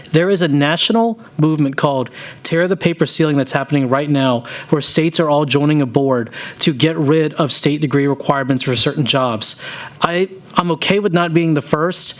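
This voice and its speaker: Man from Louisiana, thirties, committee testimony, earnest, fairly high voice, storytelling with casual asides. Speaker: business owner testifying. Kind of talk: public testimony at a committee hearing.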